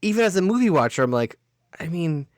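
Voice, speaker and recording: A man's voice: fairly high pitch, sing-song, no room sound. Sarcastic man with a dry, close sound. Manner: sarcastic, dry recapping with quick asides. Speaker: podcast co-host. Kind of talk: casual movie recap chat.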